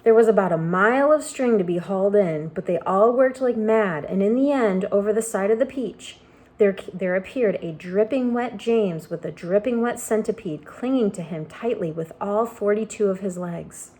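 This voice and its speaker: A woman reading a children's book aloud, expressive and animated. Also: mid-range voice, normal speed. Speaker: storyteller.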